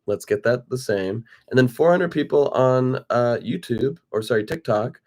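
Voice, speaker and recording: A man's voice: medium pitch, normal speed. A man co-hosting a casual livestream, playful and teasing as he chats with viewers. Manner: playful and teasing, lively delivery. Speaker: livestream co-host.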